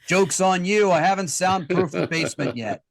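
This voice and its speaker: A man's voice: high-pitched, animated, moderate pace, gravelly, very noisy. A man hosting a comedy panel show on a video call, wry and self-deprecating. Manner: wry, self-deprecating, drops into scripted segment intros. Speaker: host. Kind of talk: casual comedic chat. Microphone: video call mic.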